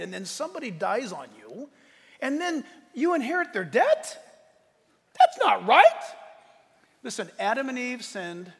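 A high-pitched man preaches with a lively, swooping delivery, mixing jokes into the sermon. His voice has a gravelly edge, and a long hall reverb trails each phrase. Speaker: pastor.

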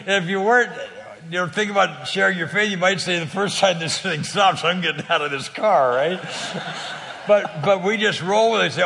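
A man with a gravelly, bright and forceful voice, pitched a little high, tells a story as a guest on a talk show. He talks in a lively way, laughs often and acts out the people he quotes. His voice rings with a long reverb. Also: normal speed, a little hiss or hum. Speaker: guest telling a faith story.

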